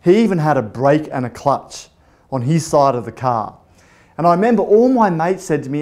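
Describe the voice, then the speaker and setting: Animated man telling a story. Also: fairly high pitch, normal speed. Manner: animated, acts out dialogue in the story. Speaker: motivational speaker. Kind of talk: storytelling motivational talk.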